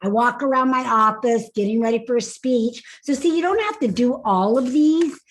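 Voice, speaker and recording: A woman's voice: a little high, lively intonation, moderate pace. A woman coaching a group through voice and face exercises in an online workshop, upbeat and laughing often. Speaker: speaking coach. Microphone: video call.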